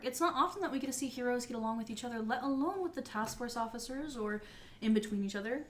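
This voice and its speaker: A woman doing a polished TV interviewer who gushes praise in a smooth, somewhat high voice. She speaks close and clearly, with a faint hiss behind. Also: close to an everyday voice. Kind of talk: tabletop role-play in character.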